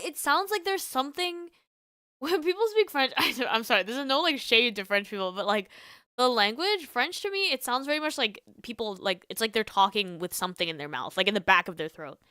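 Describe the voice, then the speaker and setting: Woman streamer, casual chat, giggly and lively, sharp bright tone, dry close sound. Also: high voice, fairly quick, clear, resonant tone, no echo. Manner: giggly, animated, chatty with many fillers.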